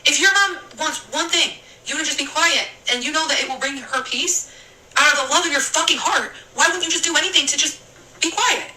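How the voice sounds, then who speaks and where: A woman's voice: high-pitched, a little fast, sharp tone. A woman streamer ranting angrily on a live stream, swearing and circling back to her complaints. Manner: angry, swearing, rambling. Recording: echoey room, mic at a distance, faint hiss.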